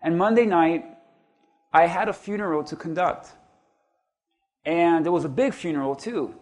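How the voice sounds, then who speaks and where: High-voiced male pastor preaching. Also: moderate pace, darkish tone. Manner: storytelling, rising to emphatic peaks. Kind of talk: sermon.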